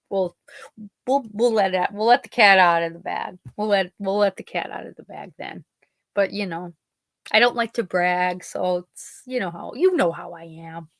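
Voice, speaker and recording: Unhurried and fairly bright, with no echo, a medium-pitched woman podcast host from Pennsylvania talks casually to her live audience. Her rambling anecdotes are full of quoted dialogue.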